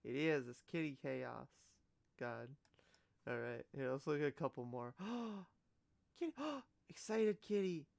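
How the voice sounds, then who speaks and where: A giggly woman streamer gushes and exclaims her way through a casual live-stream reaction, often breaking off mid-sentence. Her voice has a gravelly fry and swings widely in pitch. She talks slowly, and the sound is close and dry. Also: lively intonation, darkish tone, no room sound.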